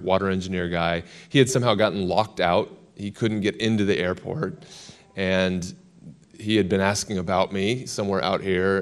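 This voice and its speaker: An American man, a guest in an interview, telling a long story with lively quoted lines. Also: sits low, smooth. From United States.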